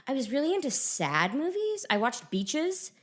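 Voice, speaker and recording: A woman's voice: high voice, big pitch swings, normal speed. A woman from New England co-hosting a podcast, chatting casually and laughing often as she talks. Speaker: podcast co-host. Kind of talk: casual chat.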